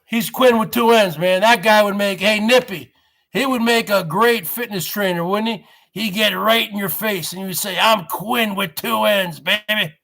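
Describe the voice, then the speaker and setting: A man's voice: high-pitched, normal speed, a bit bright. A man in his forties hosting his own vlog, rambling straight to his viewers and calling them folks. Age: 40s. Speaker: show host.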